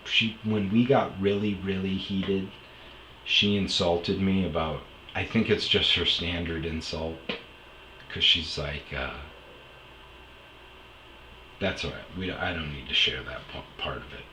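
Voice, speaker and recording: Male podcast storyteller, low and bright timbre, frank and foul-mouthed. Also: fairly even intonation, measured pace, pauses often, reverberant, slight background noise, rough recording. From Wisconsin. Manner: blunt, profane, candid. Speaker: podcast host. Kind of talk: storytelling monologue.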